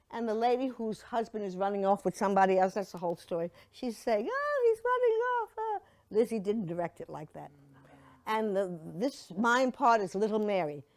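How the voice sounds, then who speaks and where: In a mid-range voice with a darkish tone, an older woman shares stories with a church audience as part of a memorial slideshow reflection. Her storytelling is casual, chatty, and playful, with mocking voices put on now and then.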